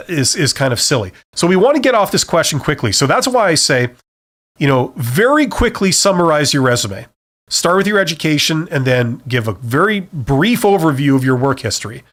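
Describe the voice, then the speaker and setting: A man's voice: a little high, a bit bright. Blunt man ranting on a live stream. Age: middle-aged. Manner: frank, ranting, repeats "okay?" and "right?". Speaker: career advice live streamer. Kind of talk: casual live-stream advice talk.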